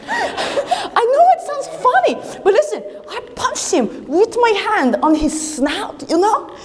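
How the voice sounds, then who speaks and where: A woman's voice: very high voice, darkish tone. A woman leading a camp chapel, telling a Bible story in the first person to young campers with playful sound effects and questions. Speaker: camp worship leader. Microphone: action camera. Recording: long echo in a hall.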